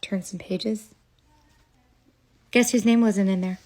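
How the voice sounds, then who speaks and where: A woman's voice: medium pitch, steady tone, slow pace, darkish tone. A woman telling a childhood story straight to a phone camera, casual and dramatic, with chatty asides.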